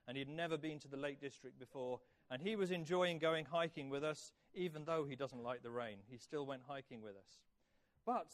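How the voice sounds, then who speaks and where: A man in his fifties telling a children's story in church, asking the kids questions and praising their answers. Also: on the high side. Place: church hall.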